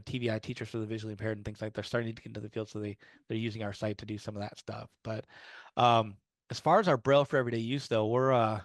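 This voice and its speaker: A man's voice: on the low side, no echo. A man speaking casually to a small group, telling stories with lots of fillers and restarts. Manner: friendly storytelling with fillers and restarts. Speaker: guest speaker on low-vision resources.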